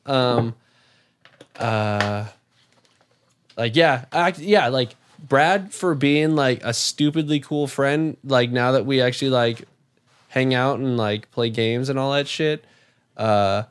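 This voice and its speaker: A man in casual chat, telling an animated story with lots of swearing and filler words. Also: medium pitch, takes it slowly, clean tone. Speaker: podcast guest.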